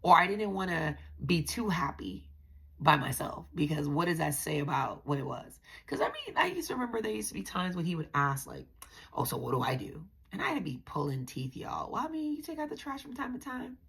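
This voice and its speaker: A woman's voice: deep voice, sing-song, brisk, creaky, a bit bright, slightly rough. A woman hosting a podcast, telling her own story in a candid, blunt way and often calling her listeners y'all. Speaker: podcast host. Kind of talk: confessional personal storytelling.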